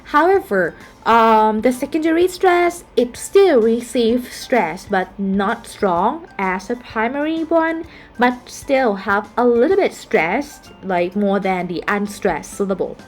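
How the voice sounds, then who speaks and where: A woman's voice: a little high, animated, slow, faint music behind. Patient woman teaching phonetics. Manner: patient explaining, frequent fillers and self-corrections. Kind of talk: recorded online lesson.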